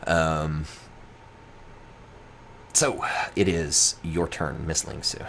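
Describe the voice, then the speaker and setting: A man narrating a tabletop game as game master, relaxed and chuckling, with many fillers. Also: rumbling low, drawn-out words, creaky, a little hiss or hum.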